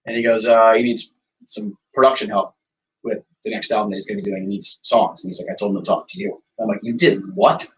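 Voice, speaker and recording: A man's voice: fairly low pitch, fast talker, far from the mic, low-quality recording. A man, a songwriter and producer, casually telling stories in an interview, acting out quoted dialogue with lots of fillers. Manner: animated storyteller, acts out quoted dialogue, frequent fillers.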